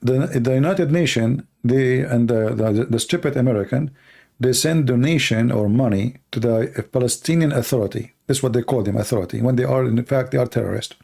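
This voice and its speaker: Gravelly, dark-voiced man talking bluntly. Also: mid-range voice, fairly quick. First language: Arabic. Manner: blunt, repetitive, emphatic. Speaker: show host answering viewer questions. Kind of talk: casual live-stream talk.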